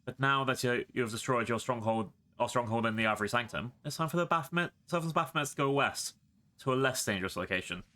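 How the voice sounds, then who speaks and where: A scheming female cult priestess, all gloating and taunting menace, read out by a man without much change to his voice. She sneers at her foes in a bright, forward tone. The villain of a fantasy game, voiced by a streamer reading along. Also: medium pitch, fast talker, lightly acted. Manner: mocking, taunting.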